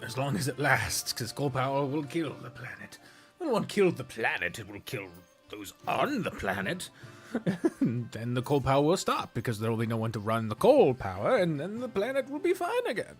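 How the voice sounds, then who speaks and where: A woman's voice: rumbling low, big pitch swings, moderate pace. A woman streaming a video game, chatting casually, rambling, laughing often and swearing freely, sometimes slipping into gushing baby talk. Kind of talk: casual gameplay stream chat. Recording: faint music behind.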